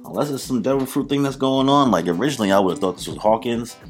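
Over faint background music, a man hosting a manga reaction channel reads panels aloud at a quick pace in a mid-range voice, dropping loose, slangy asides as he goes.

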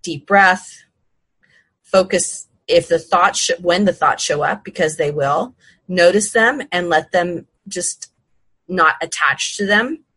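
Calm husky-voiced woman podcaster. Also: fairly low pitch, dry recording, rough recording. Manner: calm, unhurried, with fillers and restarts. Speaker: podcast host. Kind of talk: casual advice talk.

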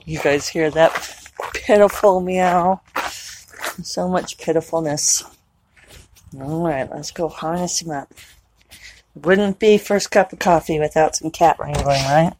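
A woman casually chatting in a morning vlog, talking to her cat in a high coaxing voice. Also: takes it slowly, long pauses, background noise. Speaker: vlogger. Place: at home and outdoors. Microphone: clip-on microphone.

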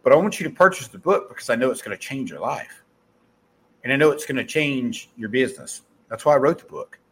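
Podcast host, man, middle-aged, faint Southern US accent, blunt and profane pep-talk delivery, bouncing, lively pitch. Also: a little fast, husky. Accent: Southern US, softened. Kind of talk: casual motivational monologue.

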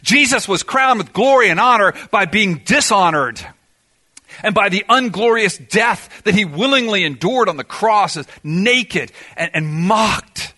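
A man's voice: high voice, lively intonation, a little slow, bright, forceful tone. A man preaching a sermon in an auditorium, emphatic, firing off rhetorical questions and answering them himself. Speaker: pastor.

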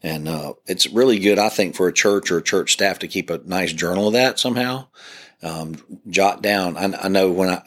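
A man's voice: low-pitched, normal speed. A man who is a pastor, talking earnestly on a podcast about church leadership, restarting his sentences often. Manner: earnest, preacherly, frequent restarts. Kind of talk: podcast discussion.

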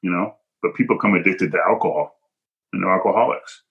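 A man's voice: low voice, fast, phone-quality sound. A man guest in a podcast interview, telling a personal story in an emphatic, punchy way and acting out quoted dialogue.

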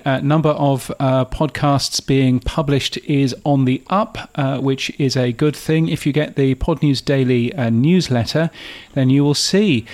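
A man co-hosting a podcast in a casual, chatty way. He mocks himself and talks with many fillers and restarts. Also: medium pitch. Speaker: podcast co-host.

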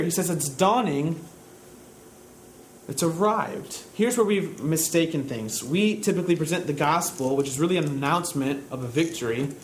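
A man preaching a sermon, building to loud, high-pitched emphasis as he drives his points home. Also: slight background noise, poor audio. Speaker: pastor.

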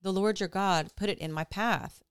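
A woman reading the lines of a younger son deceiving his father, calm and assured. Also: medium pitch, normal speed, clean tone, dry recording, studio quality, natural voice. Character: scheming younger son Jacob, deceptive.

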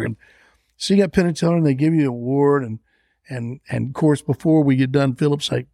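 A middle-aged man, a songwriter telling an animated anecdote in a podcast interview and acting out the voices of the people in it. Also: a little high, fast, gravelly, no room sound, clean studio sound. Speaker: songwriter guest.

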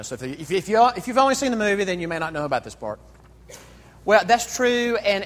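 Animated male preacher in an echoey hall. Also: medium pitch. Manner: animated, conversational, frequent restarts and rhetorical questions. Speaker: pastor. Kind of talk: sermon. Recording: echoey hall with long reverb.

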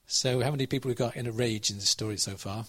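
A fast-talking man gives a conversational sermon built around a Bible story, regularly asking his audience questions. His voice is medium in pitch, steady, and fairly bright.

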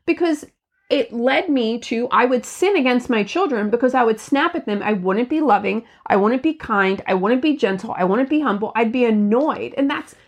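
Woman, 30s, podcast co-host. Casual faith talk, lively and expressive, fairly high voice. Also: normal speed, muffled recording. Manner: animated, acts out her own frustrated lines.

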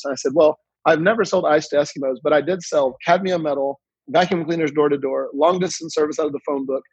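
A man's voice: fairly high pitch, steady tone, fast, breathy edge, no echo, lo-fi sound. A man from Louisiana, a podcast guest and entrepreneur, talking through his ideas in a storytelling way and often repeating words as he starts a thought. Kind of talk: conversational interview.

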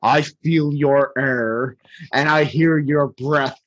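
A man doing a slow, sly old dragon. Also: fairly bright tone, highs cut off. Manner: slow, deep-voiced, purring. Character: huge proud male dragon, sly and menacing.

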